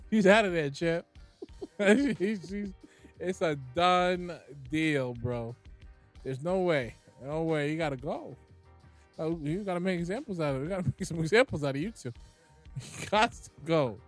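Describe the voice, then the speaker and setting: A man's voice: fairly high pitch, lively intonation, normal speed, faint music behind. A man co-hosting a podcast in casual banter, laughing often and talking in slang with lots of repeats. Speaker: podcast co-host.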